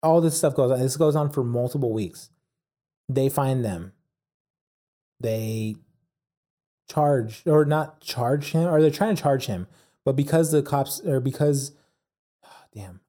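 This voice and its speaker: In a mellow, mid-range voice, a man casually recaps a documentary's story. He rambles, dropping lots of fillers like "like" and "yada yada."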